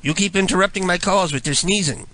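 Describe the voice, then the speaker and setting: A man's voice: high voice, fast talker, sharp tone, a little hiss or hum, rough recording. A man hosting prank calls, teasing and crude, chuckling at his own jokes. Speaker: radio prank caller host. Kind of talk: crude prank-call banter.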